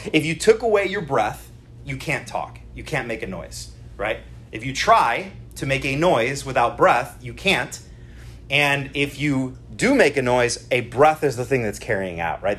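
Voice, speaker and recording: A man's voice: mid-range voice, a bit bright. A middle-aged man preaching a conversational sermon at a church service, often checking in with the congregation. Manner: chatty, keeps checking in with the congregation. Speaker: pastor.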